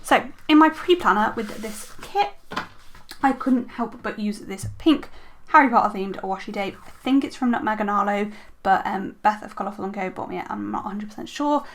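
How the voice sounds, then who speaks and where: A woman's voice: medium pitch, normal speed, slight background noise. Chatty woman vlogger full of ums. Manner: chatty, frequent ums, self-correcting. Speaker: planner vlogger. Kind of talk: casual show-and-tell chat.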